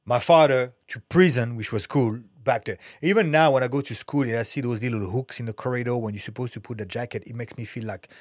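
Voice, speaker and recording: Clean studio sound and a dry recording capture a fast-talking man at medium pitch who barely pauses. He's a middle-aged actor and fighter from France with a French accent, a podcast guest who tells stories in a blunt, profane, animated, candid way.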